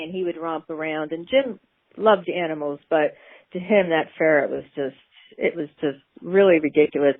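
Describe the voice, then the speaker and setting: A woman's voice: low-pitched, no echo. Woman telling a story over a tinny phone line. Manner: chatty, laughs between remarks. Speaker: guest. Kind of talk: casual personal storytelling.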